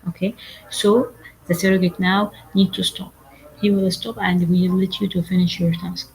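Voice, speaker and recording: A woman whose first language is Arabic, lecturing medical exam candidates in a halting, repetitive way, full of fillers and asking "okay?" often. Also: fairly low pitch, flat delivery, gravelly, darkish tone, poor audio. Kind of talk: online lecture.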